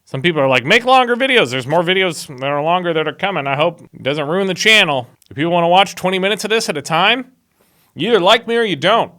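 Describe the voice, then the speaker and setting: A man's voice: on the high side, fast, pushed and bright. A man reading a Bible chapter aloud and cracking sarcastic jokes between the verses. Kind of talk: casual reading with commentary.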